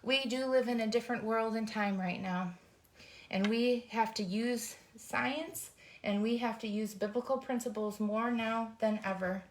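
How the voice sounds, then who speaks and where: A woman's voice: a little high, steady tone, measured pace. A middle-aged woman speaks with earnest, fired-up emotion, hosting her own faith-based vlog. She urges listeners on in a heartfelt, personal way, as if talking straight to a friend. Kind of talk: heartfelt encouraging talk. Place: indoors, folding t-shirts.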